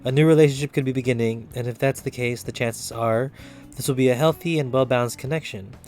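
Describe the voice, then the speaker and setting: A man hosts a relaxed tarot stream, talking straight to his chat in a loose, upbeat way. His voice sits at an ordinary middle pitch. Soft music plays faintly underneath. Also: quick pace. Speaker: tarot reader and live streamer. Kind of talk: casual live-stream tarot reading.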